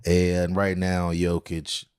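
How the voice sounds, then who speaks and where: A man's voice: low voice, completely flat delivery, slow pace, a little mellow, clear, resonant tone. A man co-hosting a comedy podcast, chatting casually and joking with a laugh. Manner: laughs often, jokey. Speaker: podcast co-host. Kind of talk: casual chat.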